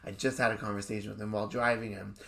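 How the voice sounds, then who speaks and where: Gravelly, bright-voiced rabbi telling stories. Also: male voice, fairly low pitch, rapid-fire. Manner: animated anecdotal storytelling with voice impressions. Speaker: rabbi and podcast host. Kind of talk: casual storytelling chat.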